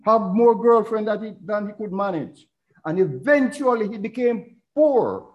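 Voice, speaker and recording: A man's voice: high-pitched, expressive, measured pace, highs cut off. A middle-aged man preaching a sermon, retelling a parable as a story and quoting scripture.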